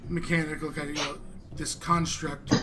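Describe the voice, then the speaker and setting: A man's voice: fairly high pitch, little pitch movement, moderate pace, background noise. A man narrating as dungeon master in a casual, laughing way. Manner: casual, laughing, thanks stream followers. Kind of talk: narrating a tabletop game.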